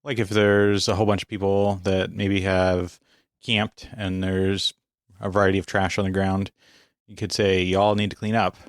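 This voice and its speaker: Very low-voiced man podcast co-host. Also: little pitch movement, clean tone, dry recording, clean studio sound. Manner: measured, teasing, asks questions. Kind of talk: casual chat.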